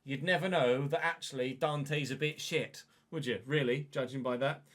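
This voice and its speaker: A man commenting casually on his own football video game career, chatty and excitable, with mild swearing. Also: medium pitch, moderate pace. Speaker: gaming YouTuber.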